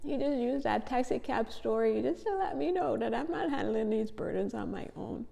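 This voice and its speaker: A woman's voice: a little high, lively intonation, normal speed, vocal fry, hardly any pauses, mellow, in a large hall. A tired, tearful woman speaking to her viewers in a heartfelt testimony, repeating her phrases. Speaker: faith vlogger.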